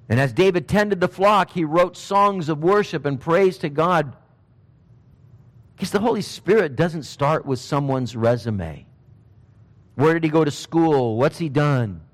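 A man preaching a sermon, telling Bible stories in a lively, conversational way and briefly voicing the people in them. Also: on the high side, big-room sound. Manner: animated storytelling, acting out Bible figures in casual speech.

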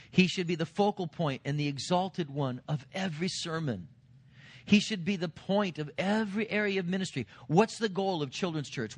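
Earnest man preaching a sermon. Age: 40s or older. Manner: earnest preaching, rising to emphatic lines then dropping low. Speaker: senior pastor.

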